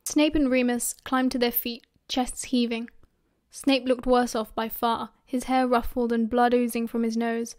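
Unhurried and barely pausing, a British audiobook reader narrates with steady expressiveness. Her voice sits slightly high for a woman.

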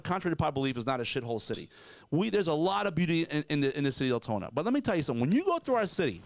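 Here a male co-host on a podcast rants with emphasis and profanity, voicing mock quotes as he goes. His voice is on the high side, and the recording is dry.

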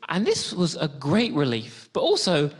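Lively high-voiced man reading his memoir. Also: normal speed, husky. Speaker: audiobook narrator.

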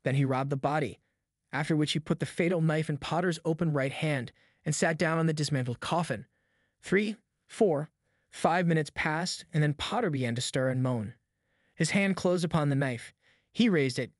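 Male audiobook narrator, measured storytelling, fairly high voice, dry booth sound. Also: no echo.

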